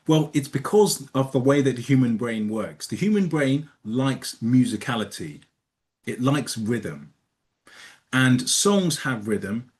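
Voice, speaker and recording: A man from Nigeria giving a talk at a conference, speaking conversationally, often restarting words and putting questions to the audience. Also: medium pitch. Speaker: conference speaker teaching communication. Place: conference room.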